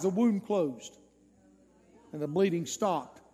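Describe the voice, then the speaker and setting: A male preacher telling a story in a sermon, swinging dramatically between loud and soft. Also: sits high, measured pace, long reverb tail, soft background music.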